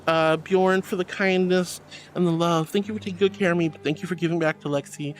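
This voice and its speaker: There's a little background noise behind this high-pitched man, who speaks at a moderate pace. Streaming live in VR as a VTuber on a computer mic, he reads chat messages, chats casually, and showers his viewers with affection.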